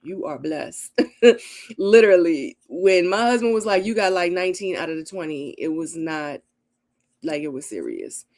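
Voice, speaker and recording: Animated middle-aged woman hosting a live chat. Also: lowish voice, moderate pace. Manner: animated and emotional, acts out her own quotes with laughter. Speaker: livestream host. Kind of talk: casual live Q&A chat reading comments.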